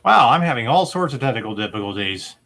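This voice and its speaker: Bright-voiced easygoing male host. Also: medium pitch, big pitch swings, quick pace. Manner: easygoing, rambling with fillers, chuckles often. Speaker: game show host. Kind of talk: casual chat.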